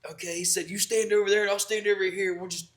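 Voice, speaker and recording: A man's voice: high-pitched, level tone, fast talker, a bit bright. A young man co-hosting a podcast, telling a long, profane story in a rambling, laughing way. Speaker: podcast co-host. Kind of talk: casual storytelling chat.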